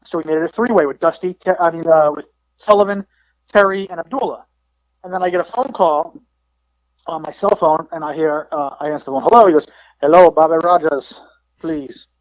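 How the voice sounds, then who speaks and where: Man, middle-aged, high voice, animated storyteller, dull lo-fi dry audio. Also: fairly quick, no echo. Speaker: wrestling promoter guest. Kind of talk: casual storytelling.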